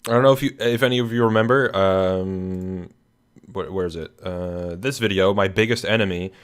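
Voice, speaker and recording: This young man's voice is low, smooth and at an ordinary pace as he hosts a casual recap of his channel over screen-share. Tired and yawning, he rambles, filling gaps with fillers and frequently starting over.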